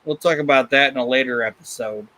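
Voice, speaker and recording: A man's voice: mid-range voice, fast, sharp tone, no room sound, low-quality recording. A man hosting a podcast in blunt, profane, casual chat. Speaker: podcast host.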